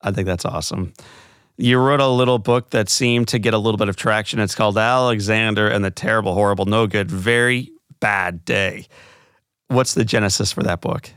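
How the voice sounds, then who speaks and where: A man's voice: on the low side, steady tone, brisk, fairly bright tone, clear, resonant tone, no room sound, studio quality. A man hosting an interview, asking questions in a friendly, attentive way. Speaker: interview host. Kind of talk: conversational interview.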